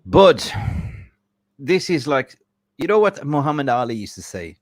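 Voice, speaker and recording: A man's voice: mid-range voice, sing-song, unhurried, no echo. Effusive male livestream host, dry sound. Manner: effusive, emotional, rambling. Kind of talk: casual live stream chat.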